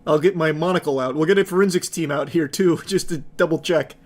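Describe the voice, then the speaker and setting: A man's voice: a little high, quick pace. A man giving casual reaction commentary with sarcastic jokes and laughing asides.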